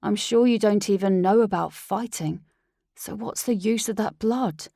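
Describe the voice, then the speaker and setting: A woman voicing a cold, dismissive young male werewolf heir in an audiobook, with a slightly creaky voice. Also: medium pitch, measured pace, mellow, no echo, clean studio sound. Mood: scornful. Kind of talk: audiobook character voice.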